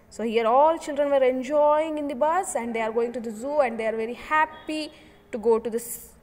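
A woman teacher, giving a lesson to young children. She explains slowly, repeats herself and keeps asking the children questions. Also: a little high, slight background noise. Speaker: schoolteacher. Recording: long hall reverb.

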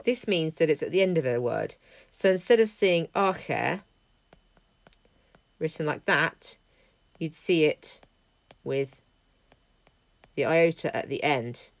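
Low-pitched woman teaching greek, slow and careful word by word, dry close mic. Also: expressive, no echo. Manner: clear, methodical explaining, word by word. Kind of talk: lesson walkthrough.

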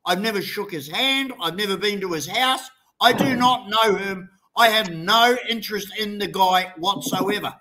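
A man's voice: sits high, normal speed, few pauses, pushed and bright. An older man co-hosting a heated online debate, blunt and combative, swearing freely. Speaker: show co-host.

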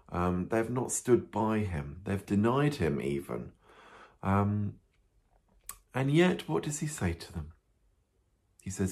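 A priest telling a Bible story to children, animated and full of questions, with frequent ums. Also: male voice, fairly low pitch. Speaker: parish priest.

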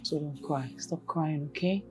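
A tender mother speaks slowly and softly in a warm, mellow voice as she comforts her daughter. Faint film music plays under her voice in this Nollywood drama. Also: sits low. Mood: soothing. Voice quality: soft, soothing, coaxing. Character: gentle mother consoling her crying daughter.

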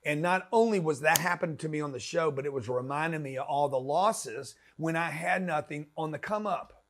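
A man's voice: fairly high pitch, a little fast, a bit bright. A man giving a blunt, slangy motivational talk as a business coach, pushing the listener hard.

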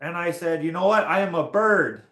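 A man doing a friendly French mountain biker, all boast and easy charm, with a put-on French accent and a sing-song, stretched-out delivery. The voice rides higher than his own and rings in a roomy space. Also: lively intonation, normal speed, fairly bright tone. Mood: boastful. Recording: roomy echo.

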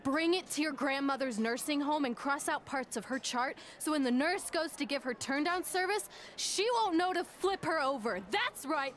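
An actress voicing a feisty, hot-tempered teenage girl wrestler in a video game cutscene, brash and quick to threaten. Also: high voice, a bit bright, a little hiss or hum.

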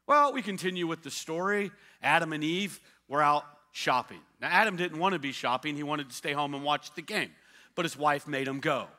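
Bright, animated male pastor preaching. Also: high voice, moderate pace, in a large hall. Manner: animated storytelling with acted-out quotes. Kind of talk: sermon. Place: church.

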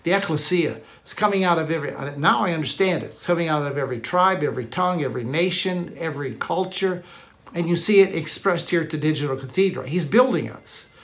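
Male pastor, live-streamed sermon, emphatic repetitive delivery, a bit high-pitched. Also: quick pace, fairly bright tone. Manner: emphatic preacher, repeats key phrases, frequent restarts.

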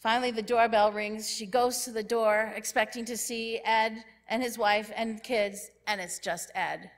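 A woman giving a sermon in a church, telling a story in a lively way and acting out what the people in it say. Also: fairly high pitch, measured pace. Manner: lively storyteller who acts out characters' lines. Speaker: church speaker. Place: church sanctuary.

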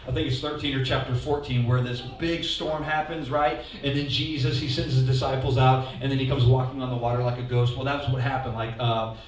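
Pastor guy preaching, pretty high voice, big echoey church sound from far off. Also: slight background noise. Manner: animated, leads call-and-response, asks the congregation to repeat lines. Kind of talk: lively sermon. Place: church hall. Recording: echoey hall, mic heard from a distance.

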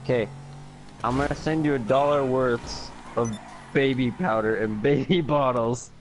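A man's voice: medium pitch, unhurried, soft background music. A young man in casual group voice chat while gaming, joking crudely and laughing often.

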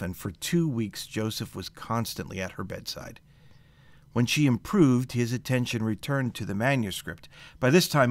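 Low-voiced man reading church history. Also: dry recording. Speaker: co-host of a scripture study show. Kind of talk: reading scripture history aloud.

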